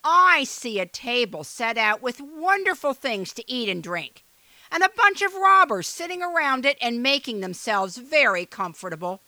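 An eager, coaxing storybook donkey who leads his friends, as a woman reads him. The voice is bright and lively. The sound is dry and close. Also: a little high, moderate pace, no room sound, voice pushed up, heavily acted. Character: big male donkey, eager and bossy leader. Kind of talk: storybook read-aloud.

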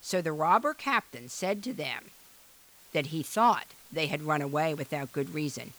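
A woman reading a children's fairy tale aloud in an expressive, animated way. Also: low voice, normal speed. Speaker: storyteller. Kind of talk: storybook read-aloud.

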